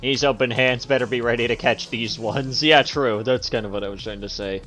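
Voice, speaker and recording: This young streamer's mid-range voice is steady, bright and forceful as he talks a little fast, reacting to a video with crude, filler-heavy banter and hard laughter. Faint music plays behind him.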